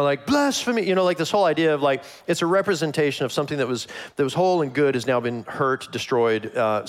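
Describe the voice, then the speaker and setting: A man preaching a conversational sermon as a pastor, animated and acting out the lines he quotes. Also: medium pitch.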